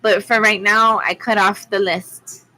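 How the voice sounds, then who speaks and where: A woman from Arizona, an adult with school-age kids, gives a rambling, chatty tarot reading on a live stream, dropping plenty of ums. Her voice is medium-pitched and sharp, with fairly even intonation and a measured pace, and the recording is rough.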